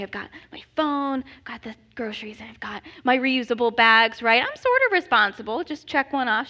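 Woman in her 30s doing a funny self-deprecating story, high bright voice, kinda muffled lo-fi sound. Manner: animated, self-deprecating, laughing often. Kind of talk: comedic personal storytelling.

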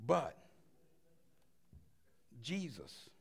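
A man with a high voice and a gravelly edge, preaching a sermon. He is animated and acts out the voices of the figures in the story he tells. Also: very slow. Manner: animated, voices the quoted speakers.

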